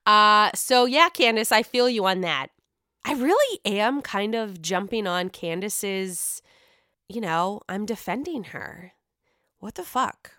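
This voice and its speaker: A woman hosting a casual recap chat, talking in a chatty, profane and animated way. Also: medium pitch, slow pace, no echo, clean studio sound. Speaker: podcast host recapping reality TV.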